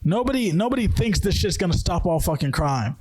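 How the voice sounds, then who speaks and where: A man's voice: sits high, lively intonation, a little fast, a little mellow, breathy edge. A young man hosting a podcast, ranting angrily about the news with heavy swearing and emphatic outbursts. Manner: heated, profane, emphatic. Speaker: podcast host. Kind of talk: angry news rant.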